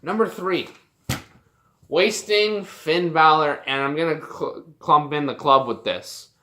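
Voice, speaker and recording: A young adult vlogger from Canada rants in a loose, unscripted way, swearing freely and sounding exasperated. The voice is bright and forward, at a middling pitch. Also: slow pace. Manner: heated, profane, exasperated ranting. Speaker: wrestling commentary vlogger. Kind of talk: casual opinion rant.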